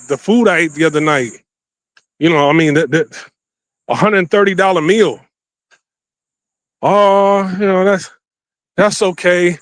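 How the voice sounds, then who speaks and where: A man with a fairly high voice tells a dating story in loose, animated slang, acting out what each person said. He walks through a city holding his phone camera, and the sound is dry with no room echo. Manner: animated, slangy, acts out quotes. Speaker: vlogger. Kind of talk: casual storytelling while walking. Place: outdoors in a city. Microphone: handheld phone camera.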